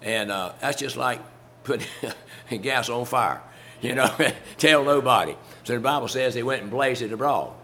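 Male preacher, mid-pitched, folksy and conversational, light chuckles, faint hum behind. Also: moderate pace, sharp tone. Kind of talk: sermon.

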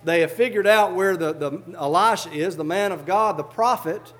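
High-voiced fervent male preacher. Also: moderate pace. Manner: fervent, reads scripture in old-fashioned diction then explains it plainly. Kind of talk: sermon.

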